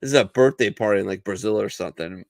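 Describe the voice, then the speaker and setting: A man's voice: fairly low pitch, quick pace, creaky, no room sound, clean studio sound. A man co-hosting a casual bar-style chat among veterans, telling stories bluntly and with plenty of swearing, acting out what other people said. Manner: profane, blunt storyteller who acts out others' lines. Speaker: veteran podcast co-host.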